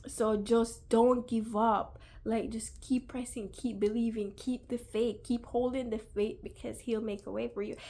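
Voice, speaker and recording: A young woman's slightly high, darkish voice carries her faith testimony in a casual video. Earnest and talkative, she fills her speech with fillers and grows emotional, her voice on the verge of tears.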